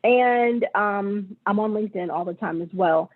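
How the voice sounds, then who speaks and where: A woman's voice: medium pitch, unhurried. A woman presenter, a bank executive, giving friendly, chatty closing remarks over a video call. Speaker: bank vice president presenter. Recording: tinny call audio.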